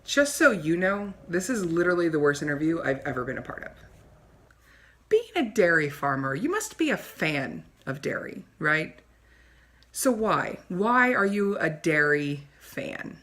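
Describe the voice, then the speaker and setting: A woman's voice: lowish voice, very animated, measured pace, a bit bright. A woman voicing a vain, rude female talk-show host in a comedy sketch, with a snooty, insulting manner. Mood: bored.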